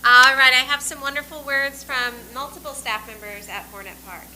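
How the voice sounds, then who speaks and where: A woman principal presenting a student award, reading out staff tributes in a warm, emotional way. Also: sits high, normal speed, background noise. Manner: warm, emotional, reads quotes aloud. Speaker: elementary school principal.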